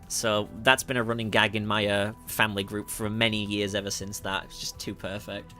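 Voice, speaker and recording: A man's voice: fairly low pitch, level tone, moderate pace, few pauses, bright, forceful tone. A man from the north of England with a Northern English accent, chatting through a livestream Q&A as a music producer, laughing often and correcting himself with lots of ums. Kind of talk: livestream Q&A, reading chat questions.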